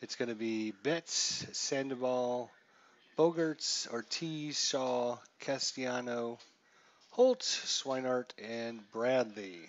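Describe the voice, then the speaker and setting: A man streaming a baseball simulation, chatting and calling the plays, reeling off stats and getting louder on big hits. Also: medium pitch, slow, highs cut off. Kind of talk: casual play-by-play commentary.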